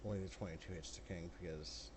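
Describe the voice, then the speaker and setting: A man narrates and rules as game master in a tabletop session, his voice sitting slightly low. He speaks bluntly and swears casually. The recording carries a clear layer of background noise. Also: steady tone, fast talker.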